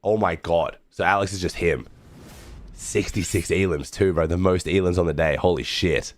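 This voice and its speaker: A young Australian man with a hoarse, rough low voice, talking loosely to his stream chat while he watches. He swears offhandedly and keeps the tone laid-back. The sound is close and dry. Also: steady tone, normal speed, dry recording. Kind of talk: casual livestream watch-along commentary.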